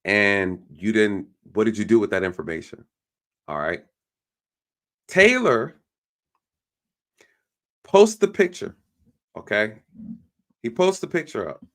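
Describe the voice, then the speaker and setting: A man's voice: on the low side, big pitch swings, slow, long pauses, a bit bright. A man doing casual online commentary, ranting in an exasperated, irritated way to his viewers. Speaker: YouTube commentator.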